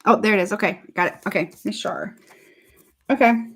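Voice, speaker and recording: This husky, mid-range female voice moves at normal speed through a casual live tarot reading. The reader is chatty, goes over the same points repeatedly and addresses viewers as honey.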